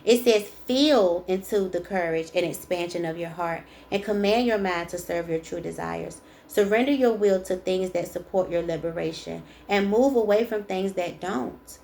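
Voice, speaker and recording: A woman with a gravelly, creaky edge gives a tarot reading in a chatty, emphatic way. She reads card texts aloud and then drives the point home in her own words. A faint noise hums under the recording. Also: lowish voice, normal speed, few pauses, a little mellow. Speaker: tarot reader. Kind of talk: casual spiritual card reading.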